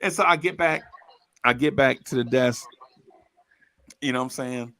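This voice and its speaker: A man telling a funny story from his own life in a casual, animated way, laughing often and calling the listener bro. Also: mid-range voice, moderate pace, dry recording. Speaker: storyteller host.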